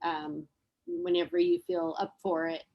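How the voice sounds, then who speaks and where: A woman's voice: low voice, flat delivery, measured pace, highs cut off. A woman hosting a video call, thanking the presenter in an appreciative way. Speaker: meeting host.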